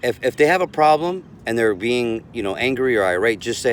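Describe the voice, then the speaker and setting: A man's voice: medium pitch, lively intonation, a little fast, hardly any pauses, slight background noise. A man giving casual relationship advice as a coach, rambling and repeating words as he talks.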